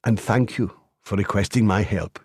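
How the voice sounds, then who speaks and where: A man doing an earnest, measured lawyer. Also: on the low side, a little mellow, slightly rough, no echo, studio quality. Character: earnest, principled male community lawyer.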